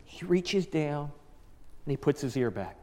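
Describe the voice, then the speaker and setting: A man preaching a sermon with a high and very animated voice. He tells the story dramatically, dropping to hushed phrases and then rising to emphatic lines. His words ring out with a long hall reverb. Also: a little slow.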